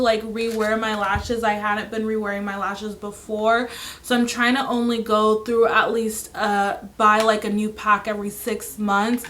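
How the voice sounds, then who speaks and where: A young woman reviewing her favorite beauty products in a casual chat, her voice raspy and hoarse from illness, with lots of filler words. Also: a little high, fairly bright tone. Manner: chatty, full of "like" fillers. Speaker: beauty vlogger.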